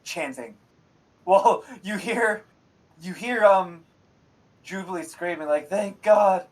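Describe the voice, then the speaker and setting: A man's voice: high voice, takes it slowly, poor audio. A man running a tabletop game as game master, talking casually, laughing often and swearing freely. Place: streamed online game session.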